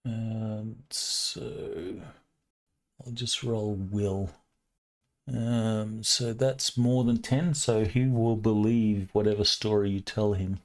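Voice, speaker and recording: A man with a very deep voice serves as game master for a tabletop session. He narrates in a relaxed, chatty way, with plenty of ums and loose phrasing. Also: slow pace. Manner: relaxed, conversational, with frequent fillers.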